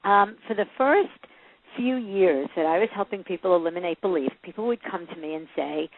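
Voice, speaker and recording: A woman guest giving emphatic, animated advice on a podcast. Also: fairly low pitch, normal speed, vocal fry. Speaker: guest, parenting and beliefs coach. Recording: tinny phone-like line, dry.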